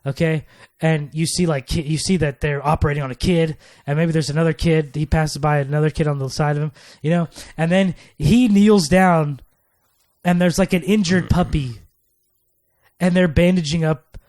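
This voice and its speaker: A man co-hosting a casual podcast with a rambling, filler-heavy delivery. He talks through his ideas freely, and his voice sits slightly high for a man. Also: steady tone, moderate pace, darkish tone. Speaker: podcast co-host. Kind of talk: casual chat.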